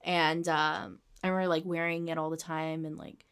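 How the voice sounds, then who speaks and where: A woman's voice: deep voice, level tone, normal speed, a bit bright, smooth. A young woman co-hosting a podcast in casual chat, laughing often and joking at her own expense. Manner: laughs a lot, self-deprecating. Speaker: podcast co-host.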